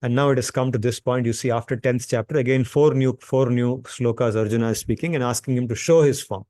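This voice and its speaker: A man's voice: mid-range voice, fairly even intonation, a little fast, few pauses, mellow, no echo, studio quality. A man giving a patient, conversational lecture that explains a scripture, often checking in with a rhetorical "right?". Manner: patient, repeats points for emphasis. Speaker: scripture teacher.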